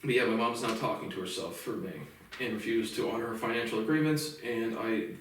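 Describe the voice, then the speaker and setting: A man's voice: mid-range voice, fairly quick, a little hiss or hum. A man in his late twenties ranting bitterly to camera in a profane personal monologue. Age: late 20s. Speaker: vlogger. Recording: echoey room from far off.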